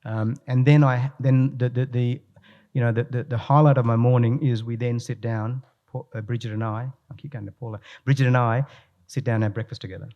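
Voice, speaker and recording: A man's voice: medium pitch, a little fast, highs cut off. A man giving a live talk to an audience, telling anecdotes with lots of restarts. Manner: animated storyteller, frequent restarts. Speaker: guest speaker, leadership coach.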